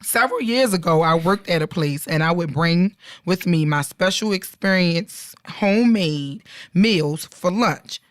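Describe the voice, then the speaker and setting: A woman's voice: on the low side, expressive, measured pace, dry recording, studio quality. A woman co-hosting a podcast, reading internet stories aloud in a casual, playful way with slangy asides and frequent laughter. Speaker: podcast co-host.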